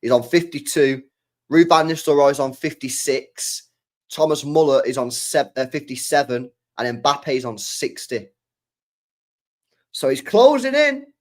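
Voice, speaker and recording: Fired-up young football fan. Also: male voice, medium pitch, steady tone, unhurried. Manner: passionate, swearing, repeats his points. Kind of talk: casual live-stream reaction chat.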